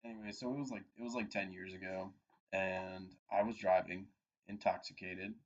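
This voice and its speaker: Profane, low-voiced man telling stories. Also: moderate pace. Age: 20s. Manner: profane, animated anecdote-telling. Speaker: podcast co-host. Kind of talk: casual storytelling chat. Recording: dull lo-fi podcast audio.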